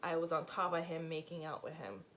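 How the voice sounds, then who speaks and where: A woman's voice: sits low, animated, fairly quick, fairly bright tone, a little hiss or hum. A young adult woman in a casual storytime vlog, telling her story candidly and expressively, with lots of fillers and swearing. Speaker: vlogger.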